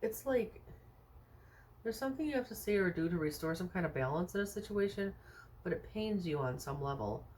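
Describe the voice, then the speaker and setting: A woman's voice: on the low side, animated, brisk, a little mellow, slight background noise. A woman doing a casual tarot reading for viewers, thinking aloud with many fillers and rhetorical questions in a chatty, reassuring way. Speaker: tarot card reader.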